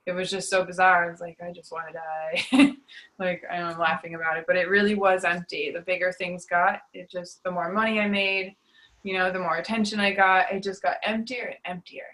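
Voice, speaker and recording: Bright-voiced young woman telling her testimony. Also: fairly low pitch, little pitch movement, fairly quick, rough recording. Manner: confessional, filler-heavy, drops to a hush on painful moments. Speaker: guest sharing testimony. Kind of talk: emotional personal testimony.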